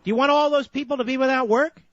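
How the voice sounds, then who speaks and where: A male talk radio host with a high voice who lectures and keeps interrupting. The sound is dull and lo-fi, and the booth is dry and close. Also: fairly even intonation, fast, a bit bright, dry recording. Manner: lecturing, insistent, cuts the caller off. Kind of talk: combative call-in radio debate.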